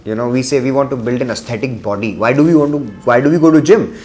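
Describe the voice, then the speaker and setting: A man's voice: mid-range voice, fast talker, a little mellow, faint music behind. A man giving a test-prep vocabulary lesson, often switching into Hindi and repeating key words for emphasis. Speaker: vocabulary teacher.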